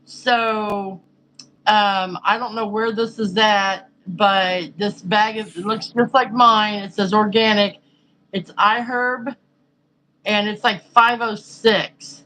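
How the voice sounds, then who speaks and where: A woman's voice: mid-range voice, steady tone, slow, sharp tone, slight background noise, rough recording. A woman chatting casually and frankly, rambling through a story with lots of fillers. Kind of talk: casual chat.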